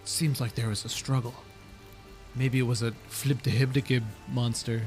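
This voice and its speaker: A man chatting casually on a stream, musing in a rambling, deadpan way. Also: mid-range voice, normal speed, over music.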